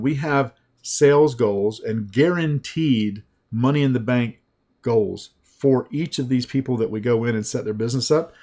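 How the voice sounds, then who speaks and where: A man's voice: mid-range voice, a little mellow. Punchy male sales presenter with a slightly scratchy throat. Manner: punchy, repetitive, emphatic selling.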